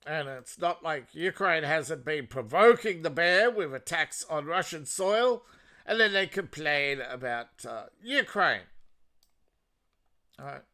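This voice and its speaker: An Australian man hosting a solo commentary with a bright, forceful tone. He talks slowly and sarcastically, and his voice swings widely in pitch as he mocks and rants. His voice sits a little high for a man. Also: expressive. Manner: sarcastic, mocking, ranting. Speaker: political commentary host. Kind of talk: solo political commentary monologue.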